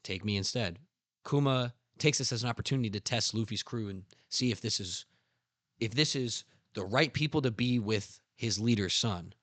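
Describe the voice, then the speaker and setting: A young man hosting a casual podcast, excitedly retelling anime scenes with slang and acting out character lines. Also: lowish voice, moderate pace, no echo. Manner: animated storytelling with slang, acts out character lines. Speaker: podcast host.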